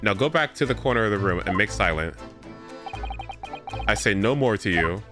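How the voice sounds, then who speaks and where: A man voicing a curt, gruff male passenger with clipped, broken phrasing. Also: on the low side, animated, moderate pace, over music, lightly acted. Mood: dismissive.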